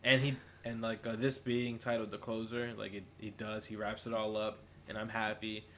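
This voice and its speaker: A man's voice: lowish voice, moderate pace, a little hiss or hum. Laid-back young man chatting on a podcast. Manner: relaxed, slangy, laughs easily. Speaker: podcast co-host. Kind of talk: casual podcast chat.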